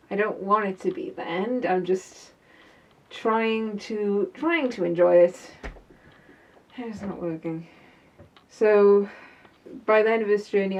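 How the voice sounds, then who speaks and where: A woman's voice: mid-range voice, distant mic, natural voice. A woman as a sassy woman mechanic, chatty, easily fired up, muffled phone sound. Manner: chatty, quick to get heated, laughs it off. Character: tough woman mechanic, sassy and fed up with stereotypes. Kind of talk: scripted character video diary.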